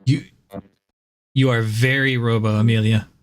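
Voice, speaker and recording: A man's voice: mid-range voice, level tone, measured pace. A man streaming and chatting casually, joking and laughing often. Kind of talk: casual chat.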